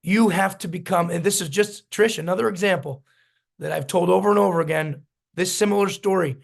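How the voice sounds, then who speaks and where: A man's voice: high voice, fairly quick, gravelly. A man coaching a business team in a storytelling motivational talk, repeating his key points with emphasis. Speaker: business mentor.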